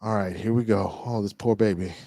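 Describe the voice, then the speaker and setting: A man streaming live, chatting casually with his viewers, reading their messages and reacting loudly to clips. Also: on the low side, fairly quick, vocal fry, dry recording. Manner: animated, reacts loudly to clips and reads chat.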